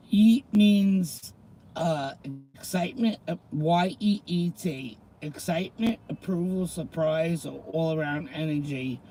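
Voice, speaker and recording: A man's voice: on the high side, warm tone, slight background noise, rough recording. A middle-aged man hosting a casual livestream, chatting with viewers, greeting them by name and reading slang terms aloud. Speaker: livestream host.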